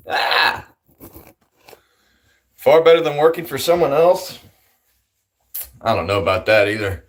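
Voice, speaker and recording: A man's voice: mid-range voice, slight background noise. A man who farms, answering viewer questions in casual livestream chat, blunt and crude in an offhand way. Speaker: farmer streaming to chat.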